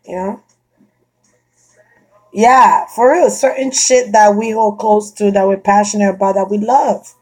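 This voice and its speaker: A woman chatting casually and bluntly, swearing freely, laughing often and getting animated. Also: medium pitch, measured pace, pauses often. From Florida. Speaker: vlogger chatting to a friend. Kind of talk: casual chat.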